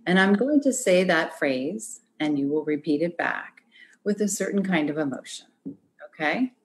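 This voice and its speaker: A woman's voice: fairly low pitch, animated, moderate pace. A woman leading an online arts workshop, giving encouraging instructions over a video call. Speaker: workshop facilitator.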